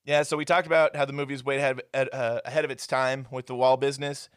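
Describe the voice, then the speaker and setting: A man's voice: medium pitch, little pitch movement, fast talker, clear, resonant tone, no room sound, clean studio sound. A man co-hosting a casual movie review podcast, sarcastic and acting out quotes in mocking voices. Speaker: podcast co-host.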